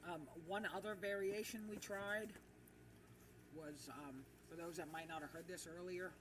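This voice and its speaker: A woman's voice: on the low side, steady tone, measured pace. A woman streamer rambling casually while she plays a game, with lots of fillers, in an echoey room. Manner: rambling and chatty with many fillers. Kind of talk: casual livestream chat while gaming. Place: room with echo. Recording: echoey far-off mic with background noise.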